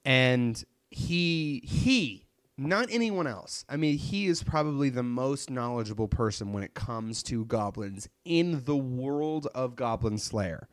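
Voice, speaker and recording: A man's voice: medium pitch, slow pace, no echo. A young man talking animatedly in a casual chat, tossing in swear words and playing out quoted lines. His voice sits in a middle register, captured dry and close with no room sound. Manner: animated, profane, retells plot with quoted lines.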